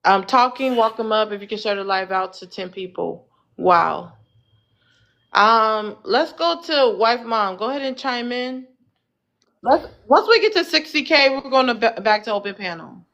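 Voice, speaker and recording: On a muffled recording, a TikTok live host with a slightly high, animated, somewhat bright voice runs a casual panel chat from her phone. She's teasing and bossy, quick to interrupt guests and steer where the talk goes.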